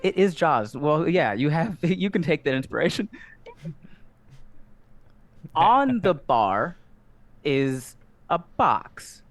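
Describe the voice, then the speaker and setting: Animated man narrating as game master. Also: on the high side, slow pace, long pauses, no room sound. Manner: animated, playful. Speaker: dungeon master. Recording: music underneath.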